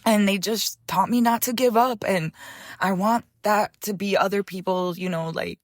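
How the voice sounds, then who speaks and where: An older woman in an interview, a chef and author speaking in a heartfelt, halting way, close to tears at moments. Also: mid-range voice, dry recording. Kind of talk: emotional interview conversation.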